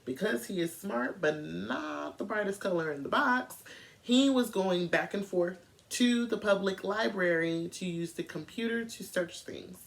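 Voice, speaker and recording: A woman telling a true crime story in a casual, animated way, speaking straight to her viewers. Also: medium pitch, measured pace, creaky.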